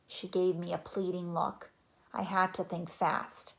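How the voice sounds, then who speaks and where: A woman narrating a children's chapter book in a gentle, even reading voice. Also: fairly low pitch, a little slow, gravelly. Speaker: audiobook narrator. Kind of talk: storybook narration.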